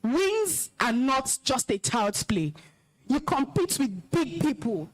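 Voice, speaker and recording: Nigerian woman speaker, high-pitched and emphatic, stern alumna lecturing students on discipline. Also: sing-song, takes it slowly, low-quality recording. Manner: scolding, commanding, emphatic. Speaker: alumna guest speaker, compere. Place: school hall, live event.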